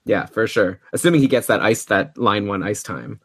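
A man hosting a podcast, chatting casually and upbeat with quick asides. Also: on the low side, slightly rough, dry recording. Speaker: podcast host. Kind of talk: casual commentary on a fantasy hockey draft.

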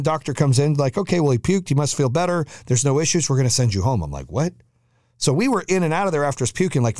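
A middle-aged man hosting a podcast, telling a family story in a casual, animated, profane way and acting out the voices of the people in it. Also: mid-range voice, no echo, studio quality. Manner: animated, profane, quotes himself and others. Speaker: podcast host.

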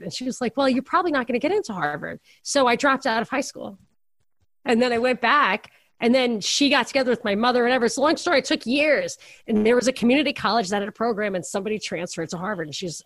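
A woman's voice: mid-range voice, no room sound, clean studio sound. A middle-aged woman on a podcast, telling rambling, self-deprecating stories in casual chat. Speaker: podcast co-host.

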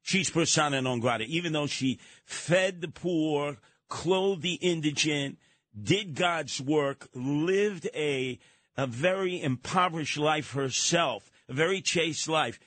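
A man hosting a radio talk show, trading opinions with callers in an animated, mocking way that slips into acted voices. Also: a little high, takes it slowly, dry recording.

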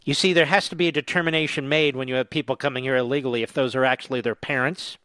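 Hosting a political commentary show, a male talk radio host reads quotes and shoots back sarcastic, indignant comments, rising to angry shouts. His mid-range voice holds a steady tone even as he talks fast, with no room sound.

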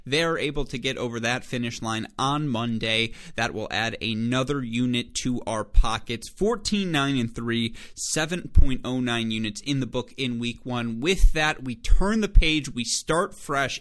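Energetic man giving tennis betting picks. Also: mid-range voice, measured pace, few pauses. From Michigan. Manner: energetic, stat-heavy, self-correcting delivery. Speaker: sports betting host.

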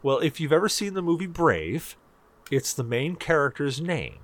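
A man's voice: fairly high pitch, big pitch swings, moderate pace. Guy on a podcast rambling away, voice bouncing all over, keeps repeating himself. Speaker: podcast co-host. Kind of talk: casual chat.

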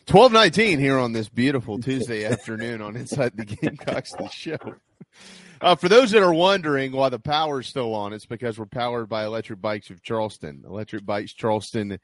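A man's voice: medium pitch, expressive, fairly quick, no room sound. A man hosting a sports talk show, chatting and reading ads in a folksy, salesy way. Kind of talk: sports radio talk with live ad reads.

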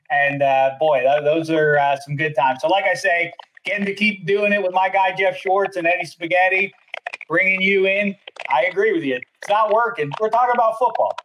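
High, bright-voiced man with a nasal edge. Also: a little hiss or hum, low-quality recording. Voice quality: self-described annoying voice. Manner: jokey, chummy. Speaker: podcast host. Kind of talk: casual podcast chat.

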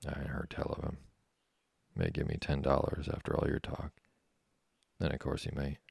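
A man voicing a dry, plainspoken old fishing-schooner captain with an unhurried, folksy way of talking. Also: very deep voice, vocal fry, darkish tone, husky, no echo, heavily acted.

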